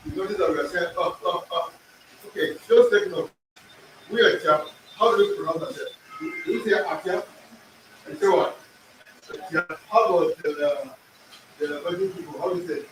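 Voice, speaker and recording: A man's voice: high-pitched, moderate pace, long pauses, a bit bright, a little hiss or hum. A man teaching an in-person language class, drilling pronunciation, repeating words and quizzing his students. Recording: echoey room, far from the mic.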